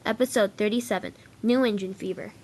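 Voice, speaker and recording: A woman's voice: medium pitch, fairly quick, a little mellow. A woman narrating a storybook-style toy train adventure, reading steadily with small restarts.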